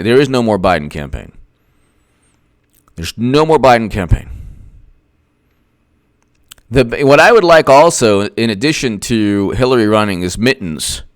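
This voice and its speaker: A man riffs sarcastically through a casual livestream, his pitch swooping up and down in lively, mocking bursts. The sound is dry and close, with no room around the voice. He keeps laughing and breaking off to answer viewers' chat. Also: unhurried, pauses often, clear, resonant tone, no room sound. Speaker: political commentator, host.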